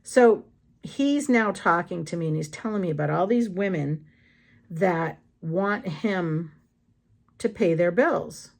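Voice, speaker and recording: A woman's voice: on the low side, lively intonation, slow pace, creaky, darkish tone. A woman vlogger telling candid, blunt stories in a casual chat while she does crafts.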